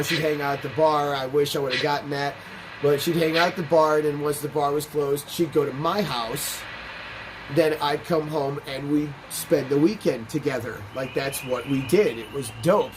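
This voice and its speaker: Rambling profane gaming host. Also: male voice, on the high side, noisy background. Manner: rambling, profane, animated anecdotes. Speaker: let's play host. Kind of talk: casual gameplay commentary and storytelling. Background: game music.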